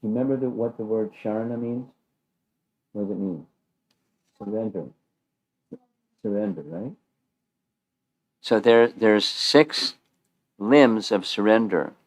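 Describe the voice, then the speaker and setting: This spiritual teacher's voice sits fairly low, and he talks slowly with long pauses, captured in a dry recording. Holding an informal scripture class at a temple, he keeps things conversational, quizzes the people listening, and frequently repeats himself or starts sentences over.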